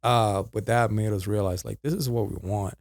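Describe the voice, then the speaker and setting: A man's voice: fairly low pitch, steady tone, moderate pace, gravelly, darkish tone, no echo, studio quality. A man chatting casually on a podcast, easygoing, with frequent fillers and laughs. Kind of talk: casual chat.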